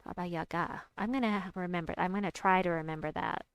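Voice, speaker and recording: A woman's voice: on the low side, fast talker, clear, resonant tone, dry recording. Chatty woman streaming a game. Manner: chatty, reads out and answers chat, squeals with excitement. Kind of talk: casual gameplay commentary.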